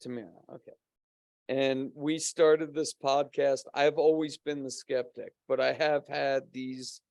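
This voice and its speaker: Slow-talking, profane storyteller man. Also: mid-range voice, a little mellow, dry recording. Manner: profane, laughing, rambling. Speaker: podcast guest; co-host of a paranormal podcast. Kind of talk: casual storytelling chat.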